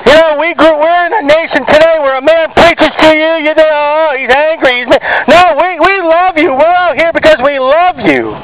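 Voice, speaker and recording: A man preaching loudly on the street at a market, fervent and arguing with passersby. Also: very high-pitched, expressive, moderate pace, few pauses, slight background noise, rough recording. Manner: shouting, fervent, argues with passersby. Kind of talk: loud open-air preaching. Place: outdoors at a market.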